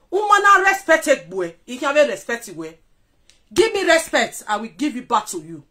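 A woman's voice: high-pitched, big pitch swings, normal speed, sharp tone. A Nigerian woman talking straight to the camera in a confrontational, scolding rant, mixing Pidgin with local languages.

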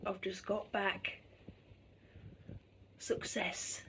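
A woman's voice: medium pitch, moderate pace, slight background noise. A woman chatting casually to camera in a vlog, self-deprecating and talkative. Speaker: vlogger. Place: outdoors and at home.

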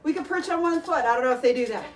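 A woman's voice: high-pitched, racing. A woman fitness instructor leading a children's workout, encouraging and calling out each move. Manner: encouraging, calls out moves and cues. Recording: distant mic with background music.

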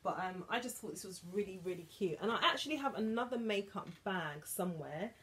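A woman's voice: medium pitch, animated, a little fast, a bit bright. Chatty woman in her thirties. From England. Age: 30s. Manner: chatty, giggly, emotional asides. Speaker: vlogger. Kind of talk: casual haul chat.

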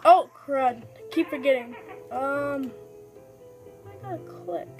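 High-voiced excitable young woman gamer. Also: slow pace, soft background music. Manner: excitable and giggly, talks to viewers. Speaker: gaming video host. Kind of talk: let's-play game commentary.

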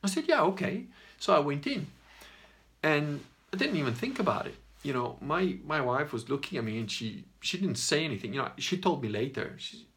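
A man's voice: fairly high pitch, sing-song, moderate pace, fairly bright tone. A middle-aged man telling a personal story in a casual monologue, rambling and swearing, laughing as he goes and acting out what people said. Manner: rambling, profane, laughs as he talks, acts out quotes.

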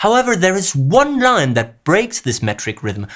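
A man hosting a music analysis show, explaining song lyrics in a measured way and reading lines aloud. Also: on the high side, sing-song, fairly bright tone.

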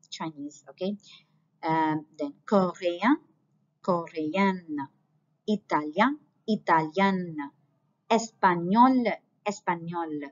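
A woman teaching a beginner French lesson in English, saying each French word slowly and repeating it so learners can copy her. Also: lowish voice. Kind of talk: online language lesson. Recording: slightly dull lo-fi sound.

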